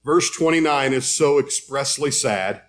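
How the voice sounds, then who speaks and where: A man's voice: medium pitch, a little slow. A man preaching a sermon, telling a Bible story in a conversational way and reading scripture aloud.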